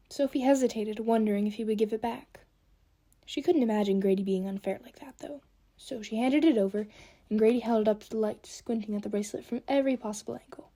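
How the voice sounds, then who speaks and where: A woman's voice: fairly high pitch, brisk, warm tone. A woman narrating an audiobook, reading expressively and giving the characters their own voices.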